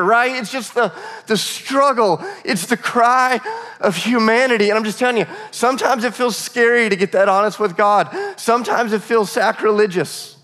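A man's voice: sits high, a bit bright, in a large hall. A male pastor preaching a sermon in a conversational, earnest way, often restarting his phrases.

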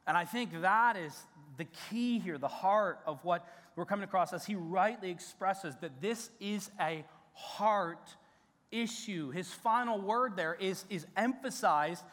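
A man's voice: high voice, a little slow, a bit bright. A male pastor preaching a sermon in a conversational, emphatic way, with restarts and rising peaks of intensity. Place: church sanctuary. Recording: long church hall reverb.

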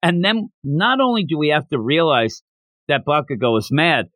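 A man's voice: fairly high pitch, sing-song, normal speed, fairly bright tone, no echo. A man co-hosting a casual manga discussion podcast, animatedly recapping scenes and acting out the characters' lines. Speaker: podcast co-host.

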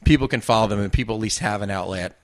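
A man hosting a podcast in casual chat, halting with fillers and restarts. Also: on the low side, no room sound. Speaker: podcast host.

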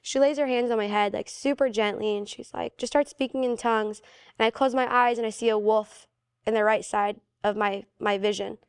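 Young adult woman, slightly high voice, casual and animated storytelling guest, heavy on "like". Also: fairly quick, clear, resonant tone. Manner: animated, fillers of "like", acts out quoted voices. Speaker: guest sharing a personal testimony.

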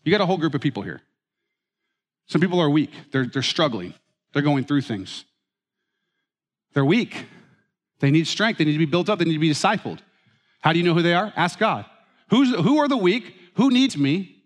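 A man preaching a sermon as pastor, telling stories with animated, self-mocking humor. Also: a little high. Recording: reverberant hall.

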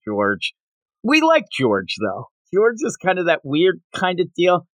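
A man co-hosting a podcast, chatting casually and animatedly about a manga chapter, often slipping into quick voices for the characters. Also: high-pitched, wildly swooping pitch, a bit bright, no room sound. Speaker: podcast co-host.

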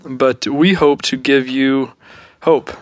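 A young man speaks in a flat, even tone, recorded dry and close. He talks haltingly, full of pauses and restarts, as he thinks through ideas of faith. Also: medium pitch, no room sound. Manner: halting, many fillers and restarts, thoughtful. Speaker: podcast co-host. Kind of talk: reflective faith discussion.

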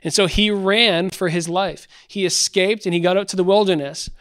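A man hosting a faith podcast, giving an energetic sermon-style talk and retelling a Bible story with acted-out quotes. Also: sits high, moderate pace, clear, resonant tone. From Canada. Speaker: podcast host.

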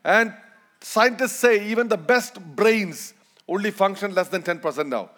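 A man from India, native speaker of Malayalam, preaching with an Indian accent and a joking, lively manner, leading the congregation in call and response. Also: sits high, moderate pace. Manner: joking, lively, leads the crowd in repeating. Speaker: guest preacher. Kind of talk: sermon.

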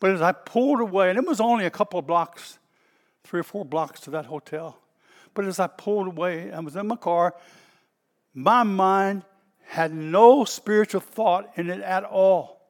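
High-voiced Southern pastor telling stories. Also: male voice, normal speed, long reverb tail. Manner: folksy and animated, stretches words, bursts out loud. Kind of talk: storytelling sermon.

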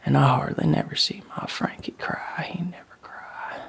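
A woman telling a first-person story in a hushed, breathy voice and a regional dialect. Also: sits low, normal speed, few pauses, whispered.

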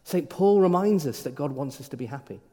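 A middle-aged priest with a fairly high, mellow voice preaches an informal sermon, animated and fairly quick. He speaks conversationally, frequently stammering and restarting his words, in a reverberant hall.

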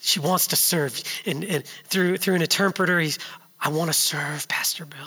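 A man in his thirties preaching a sermon, telling a story that builds from hushed to loud and urgent. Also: fairly high pitch, fairly even intonation, a little fast, husky, big-room sound.

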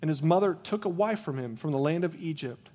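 A man's voice: fairly high pitch, animated, fairly quick, mellow. A man preaching a sermon as pastor, reading scripture and speaking earnestly, at times with rising passion.

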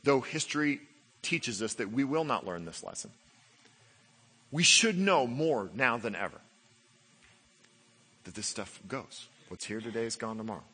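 A man preaching a sermon, building to loud emphatic passages and dropping to low, quiet stretches. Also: animated, measured pace, long pauses, breathy edge. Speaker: pastor.

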